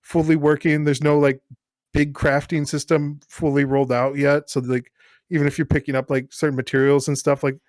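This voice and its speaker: Podcast co-host, male, slightly high voice, rambling filler-heavy chat, dry close sound. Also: little pitch movement, fairly quick, dry recording. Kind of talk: casual chat.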